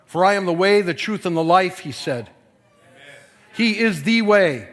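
A pastor preaching a sermon, swinging from quiet, low passages to forceful yelling. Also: male voice, expressive, unhurried.

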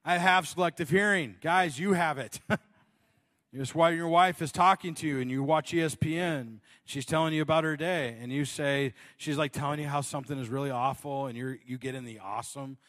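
A male pastor telling a funny personal story in his sermon, animated and self-deprecating, often laughing. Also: on the high side, fairly quick, long reverb tail.

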